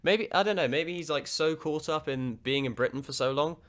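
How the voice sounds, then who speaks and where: A man's voice: a little high, fairly quick, a bit bright, slight background noise. A man hosting a reaction video, giving casual commentary that rambles, stammers and restarts.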